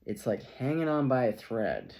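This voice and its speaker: A middle-aged man talks viewers through a tarot spread in a loose, chatty way. His pitch is animated and swings widely, and he keeps slipping into playful asides and little laughs. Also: normal speed, creaky. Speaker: tarot reader. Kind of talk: casual tarot reading to camera.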